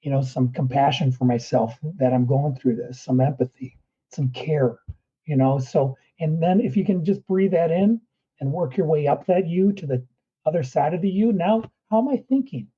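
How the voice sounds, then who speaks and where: A man's voice: on the high side, moderate pace, mellow, breathy edge, lo-fi sound. A man who is a guest performance coach, talking earnestly through breathing steps in a podcast interview.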